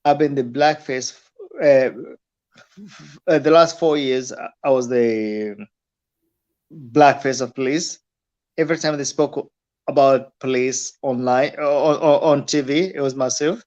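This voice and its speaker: A man's voice: mid-range voice, steady tone, unhurried, pauses often, darkish tone. A man talking as a guest on a casual live chat, insistent, with frequent stammering restarts. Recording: dull lo-fi sound.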